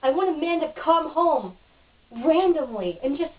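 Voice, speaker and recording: High-voiced woman ranting, lo-fi recording. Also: very animated, a little slow. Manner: frustrated, ranting, cynical. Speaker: interviewee. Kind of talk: casual home video interview. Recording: dull lo-fi, mic at a distance.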